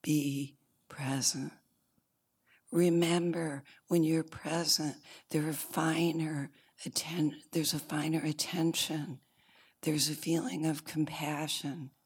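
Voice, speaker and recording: A woman meditation teacher giving a dharma talk, telling a story in a soft, unhurried way. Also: sits low, little pitch movement, husky.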